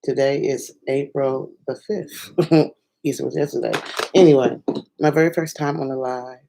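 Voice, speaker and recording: A woman chatting excitedly on her first livestream from home at night, rambling and laughing, with sudden bursts of squealing joy. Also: a bass voice, normal speed, vocal fry, a little hiss or hum, rough recording. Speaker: filmmaker and singer doing her first livestream. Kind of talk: casual excited livestream chat.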